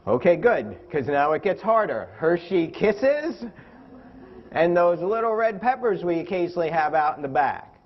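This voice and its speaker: A man's voice: sits high, sing-song, moderate pace, muffled recording. A man giving a live health lecture with props, playful and often quizzing his audience. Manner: playful, asks the audience questions. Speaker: physician assistant lecturer.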